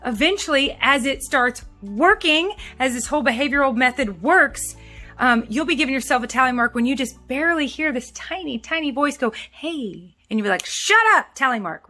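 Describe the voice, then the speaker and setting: Woman vlogger, casual to-camera talk, bright tone, rambling restarts, soft music underneath. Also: a little high. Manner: chatty, rambling, with frequent restarts and fillers. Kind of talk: casual talking-head vlog.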